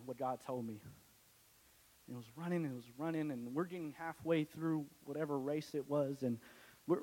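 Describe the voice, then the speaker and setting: Young man, casual joking church testimony, a bit high-pitched, reverberant hall. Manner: casual, joking, many restarts. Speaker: church speaker giving testimony. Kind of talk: testimony to a congregation.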